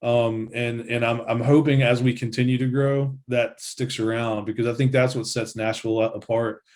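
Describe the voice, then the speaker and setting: A man guesting on a casual interview, relaxed and rambling, with lots of "like" and restarts. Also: mid-range voice, moderate pace.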